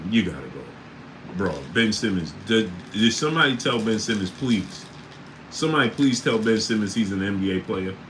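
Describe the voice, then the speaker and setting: A man hosting a casual sports livestream, reading out chat names and breaking into loud disbelief. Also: lowish voice, expressive, moderate pace, noisy background.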